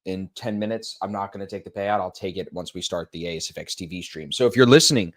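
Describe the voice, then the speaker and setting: Chatty young man telling stories. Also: sits low. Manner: animated storyteller, self-mocking, quick promo patter. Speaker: co-host. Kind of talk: casual chat, plugging a stream.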